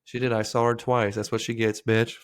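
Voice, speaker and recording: A man's voice: mid-range voice, little pitch movement, brisk, clean tone. A podcast host in casual banter, crude and jokey, acting out the voices in his anecdotes.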